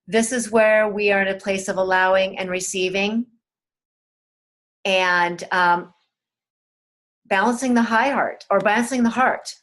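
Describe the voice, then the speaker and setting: A woman teaching a spiritual webinar in a gentle, soothing way, talking straight to her listeners and repeating key words. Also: medium pitch, steady tone, a little slow, pauses often.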